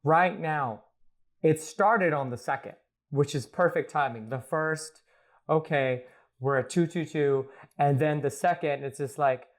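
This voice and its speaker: A man's voice: fairly high pitch, unhurried. A man, a guest astrologer, talking playfully in a rambling, casual podcast chat recorded at home. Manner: playful, rambling, laughs often.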